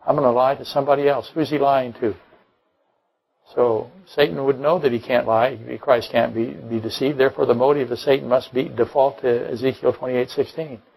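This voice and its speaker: Gravelly-voiced man preaching a sermon. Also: mid-range voice, steady tone, normal speed, darkish tone, low-quality recording. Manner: emphatic, rhetorical questions, dry jokes. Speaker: pastor. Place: church.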